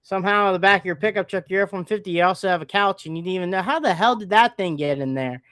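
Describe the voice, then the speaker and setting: This man from West Virginia co-hosts a loose chat, joking and tumbling over his words. His voice sits a little high and sounds bright and crisp. The recording is close and dry. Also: rapid-fire, dry recording. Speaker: podcast co-host. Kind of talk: casual chat.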